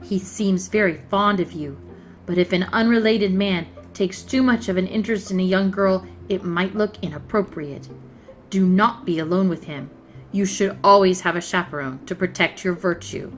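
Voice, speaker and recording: A woman's voice: mid-range voice, moderate pace, soft background music, pitched below the performer's own voice, close to an everyday voice. A woman reading the lines of a haughty, condescending rich schoolgirl who lectures in a superior tone. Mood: lecturing.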